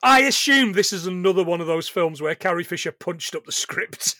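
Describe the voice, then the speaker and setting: A British man co-hosting a casual film podcast, animated, reading quotes aloud and laughing often. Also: high-pitched, normal speed, no room sound. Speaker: podcast co-host.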